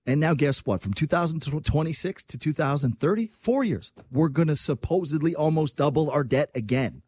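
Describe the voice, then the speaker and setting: A man from Quebec giving casual political commentary on his own program, animated and sarcastic. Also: on the high side, slightly rough, dry recording. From Quebec, Canada. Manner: animated, sarcastic, quick asides.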